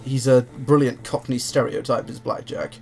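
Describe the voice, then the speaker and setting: Brief: young man, chatty distracted let's-play narration, mid pitch, faint music. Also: steady tone, normal speed, creaky, a little mellow. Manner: giggly, rambling, easily distracted. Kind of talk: casual gameplay commentary.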